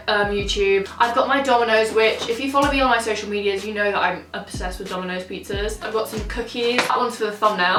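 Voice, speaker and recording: A woman's voice: mid-range voice, fairly bright tone. A young woman vlogger chatting casually and swearing a lot while eating at a table. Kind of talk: casual mukbang chat. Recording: roomy, from a distance, faint music.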